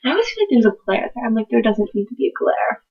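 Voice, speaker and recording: Bubbly teen girl gushing about books, kinda high and breathy, dull lo-fi webcam sound. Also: big pitch swings, racing, a little mellow. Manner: hyper, rambling, giggly. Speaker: book vlogger. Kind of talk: casual chat to camera.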